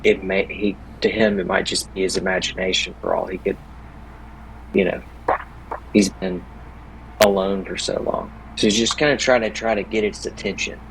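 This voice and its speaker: Tabletop player guy, lowish voice, says like and you know a lot, stops and restarts. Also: fairly even intonation, moderate pace, creaky, fairly bright tone, slight background noise, rough recording. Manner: hesitant, many fillers and restarts. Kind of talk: casual in-game discussion.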